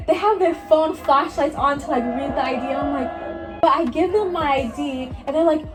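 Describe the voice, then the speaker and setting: High-voiced teen girl rambling a story. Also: normal speed. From Miami. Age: late teens. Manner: rambling, lots of "like", acts out others' lines. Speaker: vlogger. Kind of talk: casual storytime. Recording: music playing behind her.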